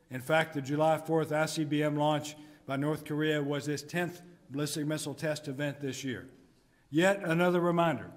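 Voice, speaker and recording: A middle-aged man, a military commander, delivering a formal prepared speech in a measured, emphatic way. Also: fairly high pitch. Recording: echoey conference hall.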